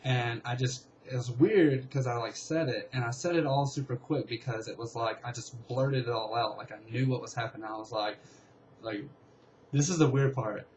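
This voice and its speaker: A man's voice: medium pitch, normal speed, slight background noise, poor audio. Rambling young man retelling a dream. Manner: rambling, filler-heavy, excitable retelling. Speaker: vlogger. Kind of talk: casual storytelling.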